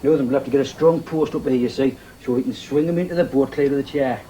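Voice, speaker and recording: A man's voice: medium pitch, fast, mellow, slight background noise, natural voice, low-quality recording. A man playing an older Geordie joiner. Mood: practical. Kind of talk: stage play recording.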